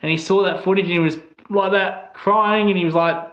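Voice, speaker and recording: An online commentator with an Australian accent swears frequently in a blunt, angry monologue of opinions. His high voice moves briskly with fairly even intonation. The audio has echoey, slightly dull room acoustics.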